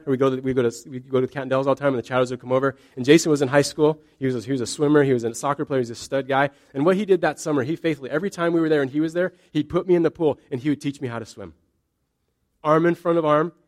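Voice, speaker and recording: In church, a male pastor delivers a sermon, hammering his points through phrases he repeats with force. His voice is pitched somewhat above the usual male range.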